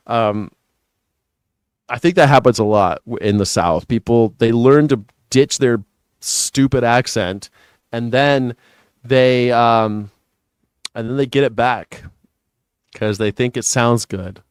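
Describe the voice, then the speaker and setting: A man's voice: medium pitch, a little slow, clean tone, no room sound, studio quality. A man hosting a casual news commentary show, rambling and profane, who laughs at his own jokes. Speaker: host.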